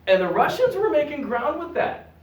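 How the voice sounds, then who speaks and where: A man giving a public lecture at a library, animated and joking with the audience. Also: extremely high pitch, moderate pace. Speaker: guest lecturer. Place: public library meeting room. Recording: echoey room, recorded from a distance.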